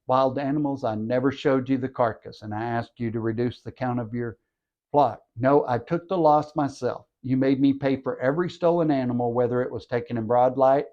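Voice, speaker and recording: A man's voice: mid-range voice, close to an everyday voice. Wronged herdsman pleading his case, read by a man, muffled lo-fi audio. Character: aggrieved man defending his long labor.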